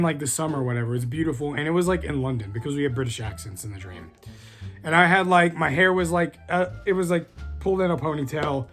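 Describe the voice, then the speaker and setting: A man's voice: fairly high pitch, fairly bright tone. Rambling man telling a story. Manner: rambling, many fillers, profane. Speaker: storyteller vlogger. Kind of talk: casual storytelling.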